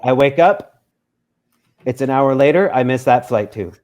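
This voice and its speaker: A man telling a long anecdote as a guest in a casual interview, animated and acting out what others said, with the odd swear word. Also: medium pitch, moderate pace. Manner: animated, acts out quotes, swears freely. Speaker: musician guest.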